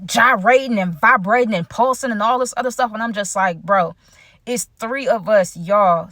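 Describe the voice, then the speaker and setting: A young woman telling a storytime vlog in an animated, chatty way, talking straight to her viewers. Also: medium pitch, dry recording, clean studio sound. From United States. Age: young adult. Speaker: vlogger.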